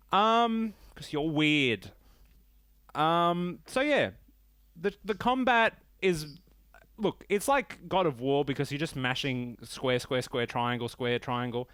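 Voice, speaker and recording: A man's voice: mid-range voice, dry recording. Profane rambling man, dry sound. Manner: rambling, profane, animated rants. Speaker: podcast host reviewing games. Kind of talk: casual solo podcast talk.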